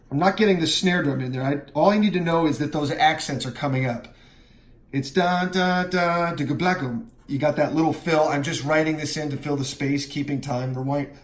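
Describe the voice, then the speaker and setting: A man explaining how to chart a drum part, counting beats out loud and scatting the fills. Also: fairly high pitch, brisk. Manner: counts beats aloud and scats drum parts. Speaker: drum teacher. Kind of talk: instructional walkthrough. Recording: roomy, with music playing.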